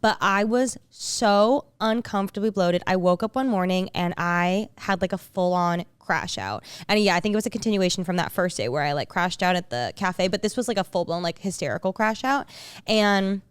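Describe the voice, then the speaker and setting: Smooth-voiced woman rambling on a podcast. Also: medium pitch, lively intonation, normal speed, dry recording. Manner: rambling, full of "like" and restarts. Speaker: podcast co-host. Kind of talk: casual chat.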